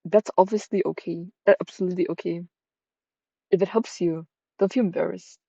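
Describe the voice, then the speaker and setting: A woman voicing a kind man who gently reassures a crying woman. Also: on the low side, steady tone, a little fast, vocal fry, slightly rough, dry recording, lo-fi sound. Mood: reassuring.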